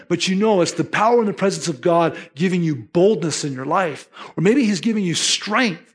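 Male pastor, higher-pitched voice, earnest emphatic sermon delivery. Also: expressive, moderate pace, slightly rough. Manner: earnest, emphatic, acts out listeners' inner voices.

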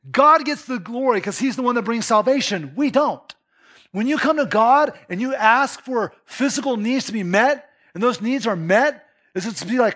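A man preaching a sermon, lively and emphatic, acting out quoted voices and dropping to a hush for emphasis. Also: extremely high pitch, normal speed. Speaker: pastor.

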